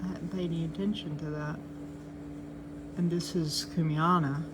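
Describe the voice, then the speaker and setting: A woman's voice: deep voice, flat delivery, normal speed, background noise. An older woman hosting a show, chatting casually and cheerfully as she goes over charts. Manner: chatty, cheerful, talks sweetly to her cats. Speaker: host of a chart update show. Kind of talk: casual chat reviewing charts.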